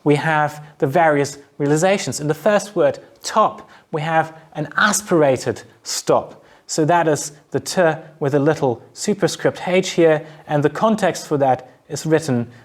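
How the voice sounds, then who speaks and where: Man lecturing in a measured, explanatory way. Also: on the high side. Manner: measured, explanatory, demonstrates sounds aloud. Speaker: university lecturer. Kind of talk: recorded lecture narration.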